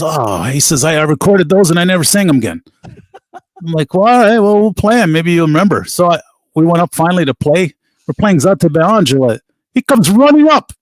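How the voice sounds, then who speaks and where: Middle-aged musician guest, chatty and animated, dry close mic, lively pitch. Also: male voice, dry recording. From United States. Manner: animated anecdotes with laughs and quoted voices. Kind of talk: casual storytelling interview.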